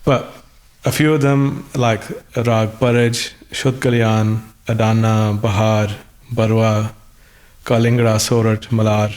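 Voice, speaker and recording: A man's voice: lowish voice, little pitch movement, slow, a little mellow. Thoughtful man, voice recovering. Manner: thoughtful, hesitant restarts. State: voice recovering after illness. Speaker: guest musician. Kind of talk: conversational interview.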